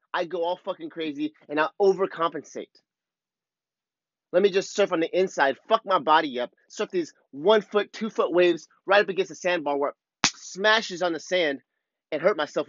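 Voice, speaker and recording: Rambling, profane surf coach, muffled sound. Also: male voice, fairly high pitch, a bit bright, no room sound. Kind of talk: casual monologue. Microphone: clip-on wireless mic.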